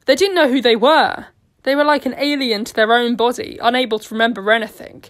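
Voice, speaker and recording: A woman reads a story aloud with steady, earnest narration. Her voice is a touch higher than most. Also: fairly quick. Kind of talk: storytelling reading.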